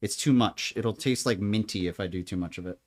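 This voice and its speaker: A man's voice: fairly low pitch, brisk. A man chatting casually while cooking in his home kitchen, rambling from topic to topic, joking and laughing often. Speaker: home cook.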